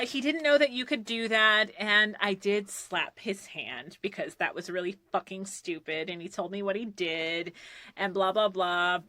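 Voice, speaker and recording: A woman's voice: medium pitch, pushed and bright, no echo. A woman voice actor chatting casually on a podcast, telling a story and acting out the quoted lines, with some swearing. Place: recording booth. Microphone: studio mic.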